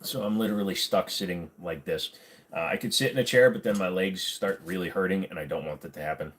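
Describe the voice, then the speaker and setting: A man's voice: deep voice, moderate pace. A man hosting a casual livestream from home, reading viewer comments in a crude, joking, laid-back way. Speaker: livestream host. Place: at home, on bed rest.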